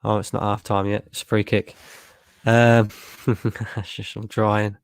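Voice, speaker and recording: Male streamer, young, gravelly and lowish, casual and sweary, dry close mic. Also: little pitch movement, a little slow, no room sound. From Lincolnshire, England. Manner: casual, sweary, laughs a lot, reads chat aloud. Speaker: football watchalong streamer. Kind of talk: live stream reaction, reading chat.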